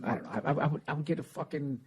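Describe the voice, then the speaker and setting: A man in his forties chatting casually on a podcast, animated and profane, telling stories with heavy emphasis. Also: a little high, racing, slightly rough. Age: 40s. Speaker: podcast host. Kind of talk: casual chat, storytelling.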